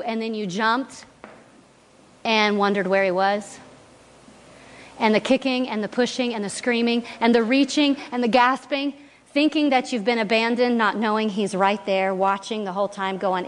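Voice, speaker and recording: Woman preacher, animated storyteller voicing characters, slightly high voice, reverberant church hall. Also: normal speed. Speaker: guest speaker at church. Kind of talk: sermon testimony storytelling. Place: church sanctuary.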